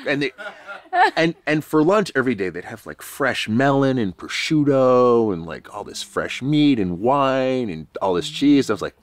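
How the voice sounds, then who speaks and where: A man's voice: mid-range voice, animated, measured pace. A man from New York, a podcast guest, telling a rambling, self-deprecating story in a casual, swearing way.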